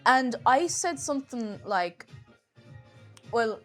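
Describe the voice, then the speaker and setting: Young woman, Irish accent, casual stream chat, rambling, laughs a lot, very animated pitch. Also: normal speed, faint music behind. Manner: chatty, rambling, laughs often.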